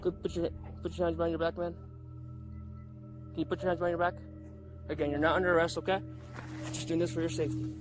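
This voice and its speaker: Fast-talking police officer, calm and reassuring. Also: male voice, a little high. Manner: calm, reassuring, repeats instructions. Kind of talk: on-duty body-camera exchange. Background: music.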